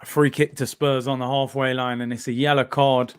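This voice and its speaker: A man reacting live to a football match as the host of a watchalong, excitable and slangy, breaking into shouts. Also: mid-range voice, moderate pace, slight background noise.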